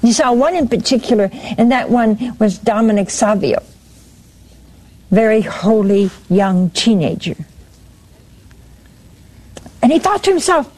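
A woman's voice: fairly high pitch, lively intonation, measured pace, long pauses, a little mellow. A woman giving a sermon, retelling a story and quoting its speakers, with frequent restarts.

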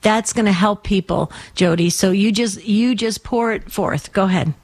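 A woman hosting a call-in radio show, speaking in an encouraging and earnest way. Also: mid-range voice. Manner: encouraging, warm, slow and earnest. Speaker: radio host.

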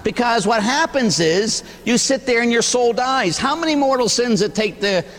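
Animated male priest preaching in a reverberant church. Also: very high voice, moderate pace. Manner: animated, conversational preaching with rhetorical questions and humor. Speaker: Catholic priest. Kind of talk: sermon.

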